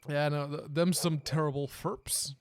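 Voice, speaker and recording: A man's voice: on the high side, level tone, unhurried, slight background noise. A man hosting a live stream, chatting casually and laughing often as he plays a role-playing game and teases what happens on screen. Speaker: livestream game host. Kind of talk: casual let's-play commentary.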